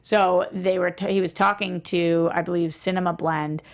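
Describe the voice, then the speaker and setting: Chatty woman with a gravelly edge. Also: fairly low pitch, fairly even intonation. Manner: chatty, quick to laugh, reads quotes aloud. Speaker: podcast co-host. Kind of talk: casual chat on a film news podcast.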